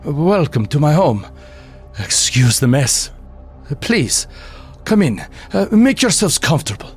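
A man's voice: a little high, big pitch swings, unhurried, breathy edge, faint music behind, pitched above the performer's own voice, full character voice. A man voicing a courteous dead man whose head is a bloodied pillowcase, welcoming guests. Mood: eerily polite.

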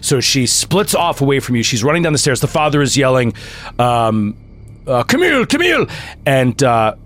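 A man's voice: medium pitch, fairly quick. A man running a horror tabletop game as game master over a video call, telling the scene vividly with fillers and restarts. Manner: vivid storytelling with fillers and restarts, bursts into loud sound effects.

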